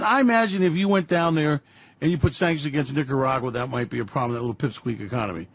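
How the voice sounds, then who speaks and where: A man's voice: a little high, slightly rough. A man hosting a radio show, ranting about markets in a profane, sarcastic way. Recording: dull dry lo-fi recording.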